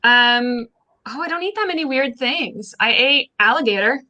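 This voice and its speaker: An easygoing woman from the US chats through a round of quick questions. Her voice is bright and a little high. She answers briefly and lightly. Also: animated. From United States. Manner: easygoing, short chatty answers. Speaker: new staff member being interviewed. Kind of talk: casual video call chat. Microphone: video call.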